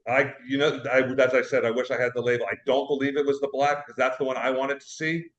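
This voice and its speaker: A man's voice: mid-range voice, level tone, fast talker, muffled recording. Rambling man on a roomy video call. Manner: rambling, storytelling, repeats words. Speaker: cigar shop owner, guest. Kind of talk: casual chat.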